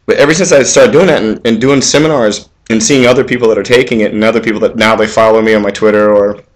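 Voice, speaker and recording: A man in his forties talking casually into the camera for his own video, rambling with lots of fillers and restarts, swearing freely and getting louder and higher when he gives advice. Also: fairly even intonation, quick pace. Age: 40s. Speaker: vlog host. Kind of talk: casual monologue.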